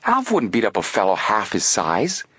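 A man voicing an eager, excitable teenage boy detective in an audiobook. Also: lowish voice, normal speed, breathy edge, dry recording, clean studio sound, full character voice.

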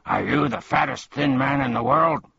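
Doubtful male watchdog, plain and husky, read by a man; dull, dry recording. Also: medium pitch, moderate pace, a bit bright, no room sound, voice pushed up, exaggerated voice.

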